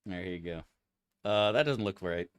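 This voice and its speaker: A man's voice: sits low, animated, normal speed, clear, resonant tone, no room sound. A young man streaming a game, chatting casually to his viewers in a profane, ranting, mock-outraged way. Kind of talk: casual live-stream chat.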